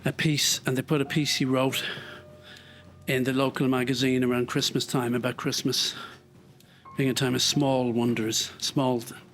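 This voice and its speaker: A man's voice: mid-range voice, flat delivery, moderate pace, fairly bright tone, faint music behind. An Irish man thinking aloud while walking on a treadmill, reflective and rambling, with lots of fillers. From Ireland. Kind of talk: casual thinking-aloud monologue.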